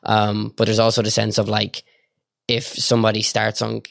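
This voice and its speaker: A young Irish man chatting as a podcast guest, telling stories in a rapid, rambling way with lots of filler words. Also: on the low side, monotone, vocal fry, no room sound, studio quality. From Ireland. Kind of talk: casual storytelling chat.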